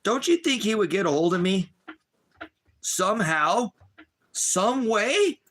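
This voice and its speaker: A man's voice: sits high, sing-song, slow, a bit bright, a little hiss or hum. Profane, agitated middle-aged man ranting. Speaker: livestreamer. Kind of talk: angry livestream rant.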